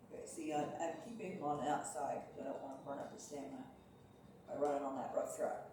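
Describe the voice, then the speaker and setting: A woman giving casual, sleepy commentary while playing a horse racing game at home, yawning and talking haltingly. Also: deep voice, fairly even intonation. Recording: roomy, distant mic with clear noise.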